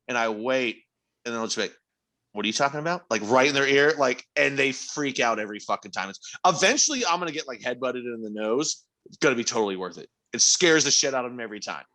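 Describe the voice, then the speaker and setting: A young man co-hosting a podcast, joking around and swearing in animated casual banter. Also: medium pitch. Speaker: podcast co-host.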